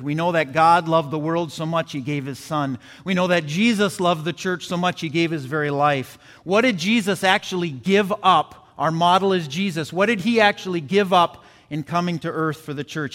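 A man delivering a Sunday sermon with earnest conviction, returning to his points and calling out to the men in the pews. His voice sits a bit high for a man. It rings through a church with long reverb. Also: a bit bright. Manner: earnest preaching with repeated phrases and audience asides. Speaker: pastor. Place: church sanctuary.

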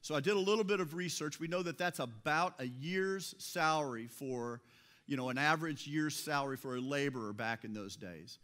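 Chatty, higher-voiced male preacher. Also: normal speed, a bit bright. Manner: conversational, full of rhetorical questions. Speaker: pastor. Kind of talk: sermon.

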